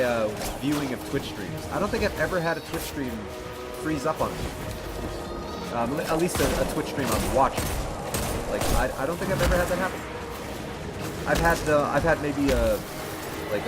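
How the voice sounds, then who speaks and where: Young guy streaming, rambly and giggly, game music going behind him. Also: medium pitch. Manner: rambling, giggly, baby-talks to his dog. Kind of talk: casual livestream chat while gaming.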